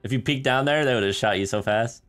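Male streamer, mid-pitched, excitable, laughs a lot, faint music behind. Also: a little fast, smooth. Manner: laughs often, excitable, chats with viewers. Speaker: streamer and gaming host. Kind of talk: live-streamed gameplay chat.

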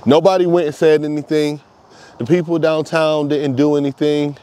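A man's voice: fairly high pitch, level tone, normal speed, warm tone. A man talking straight to camera in a casual monologue, swearing a lot and repeating himself for emphasis. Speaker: vlogger.

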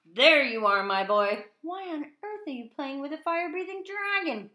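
A woman's voice: very high-pitched, expressive, normal speed, pushed and bright, roomy sound, pitched above the performer's own voice, heavily acted. A woman voicing a pompous, mocking knight father in a storybook read-aloud. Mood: scornful.

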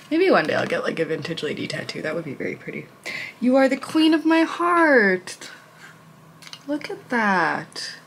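A young woman talks casually into her camera at home, warmly gushing over small things. Her pitch sits in the middle and her speech is loose, full of "like" and "um". A faint hiss of noise sits under the recording. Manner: gushing, filler-heavy, reads card captions aloud; high baby talk to her pet. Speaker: vlogger. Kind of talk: casual vlog chat.

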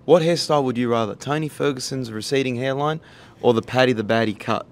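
A man's voice: mid-range voice, fast. A man interviewing a fighter with upbeat, playful questions. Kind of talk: press interview.

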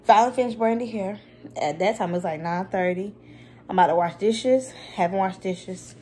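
A woman, chatting casually to viewers in a home vlog, telling stories in an animated way and calling them y'all. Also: medium pitch, moderate pace, slight background noise. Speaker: vlogger, mother of two.

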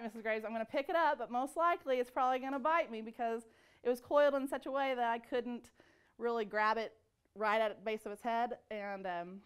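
Smooth, slightly high-pitched woman. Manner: calm, matter-of-fact telling. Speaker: school staff member. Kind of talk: interview recollection.

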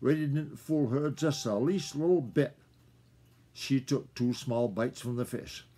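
Husky grandfather reading a storybook. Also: medium pitch, a little slow, dark tone. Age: older. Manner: folksy, chatty asides to listeners. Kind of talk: reading a children's story aloud.

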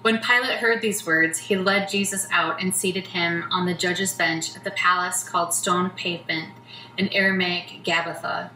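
A woman's voice: on the low side, fairly even intonation, moderate pace, pushed and bright. Woman narrator, church scripture reading, distant mic, echoing hall, faint background noise.

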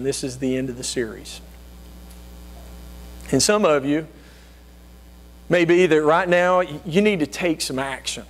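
High-voiced preacher mimicking whiny voices. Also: male voice. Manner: acts out whiny self-righteous voices, rising high when mimicking. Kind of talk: sermon.

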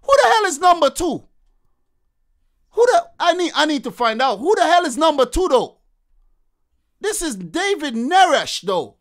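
A man's voice: very high-pitched, very animated, moderate pace, long pauses, a bit bright. A man ranting in frustration while commentating his own gameplay as a streamer. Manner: exasperated ranting, keeps adding "man". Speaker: gaming streamer.

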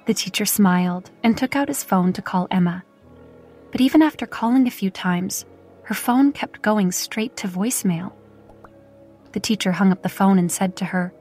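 A woman narrating a romance audiobook in a steady, even storytelling manner. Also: medium pitch, normal speed, soft background music. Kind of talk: scripted narration.

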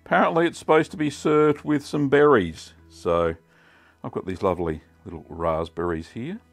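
A middle-aged Australian man hosting a casual cooking vlog, chatty and relaxed with many ums. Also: on the low side, moderate pace, soft background music. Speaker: cheesemaking channel host.

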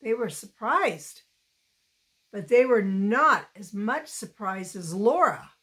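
A woman reading a children's novel aloud chapter by chapter, slow and careful with expressive touches. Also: medium pitch. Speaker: storybook reader.

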